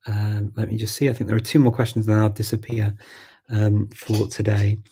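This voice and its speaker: A man with a Scouse accent hosting a live chat, answering viewer questions in a relaxed way, thinking aloud with many pauses and restarts. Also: lowish voice, husky. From Liverpool, England. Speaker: host of a live language chat.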